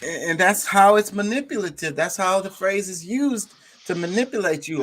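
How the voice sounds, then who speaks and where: A man's voice: high voice, animated, normal speed, a bit bright, slight background noise. A man hosting a casual talk show, speaking with passion and swearing freely. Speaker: podcast host. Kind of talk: casual chat.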